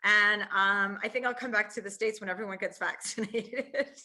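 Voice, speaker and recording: A woman in her forties speaks with a bright, forceful tone as a guest on a remote interview call. Her talk is candid and loose, with plenty of fillers as she works through her thoughts, at a mid pitch. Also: steady tone. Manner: candid, fast-moving, heavy use of fillers like "you know". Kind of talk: casual conversational interview. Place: remote, on a call from a ski trip.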